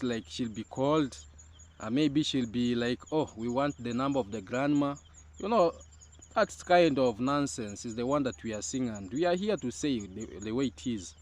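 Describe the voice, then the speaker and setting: A young Kenyan man with a Kenyan accent, giving casual commentary on a YouTube channel, repeating his points with emphasis and asking "huh?" as he goes. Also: medium pitch.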